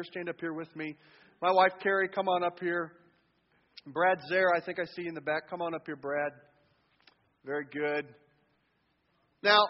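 A man preaching a sermon as pastor in a church, humorous and playfully acting out the inner voices of worshippers. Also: fairly high pitch. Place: church sanctuary. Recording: long hall reverb, dull lo-fi sound.

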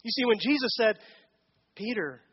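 A man's voice: high voice, a little fast, muffled recording. A man giving a conversational sermon as a pastor, asking the congregation questions during a church service.

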